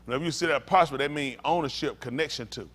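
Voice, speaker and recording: High bright-voiced male pastor preaching. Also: quick pace. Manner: blunt, profane, rambling preaching. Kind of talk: informal sermon.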